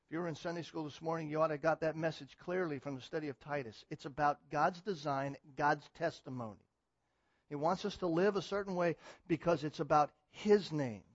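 A man preaching a sermon as pastor, moving between quiet teaching and loud, emphatic repetition. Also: fairly high pitch, dry recording, muffled recording.

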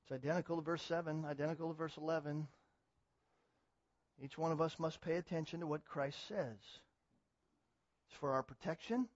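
A man preaching a sermon as pastor, moving between quiet teaching and loud, emphatic repetition. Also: fairly high pitch, fairly even intonation, normal speed, long pauses, no room sound, muffled recording.

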